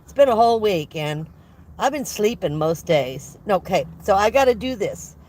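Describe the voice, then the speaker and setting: Medium-pitched and a little mellow, this voice is very animated yet unhurried. It's an older van life vlogger hosting a livestream from her van, congested from a head cold, greeting viewers, wandering off topic and laughing a lot.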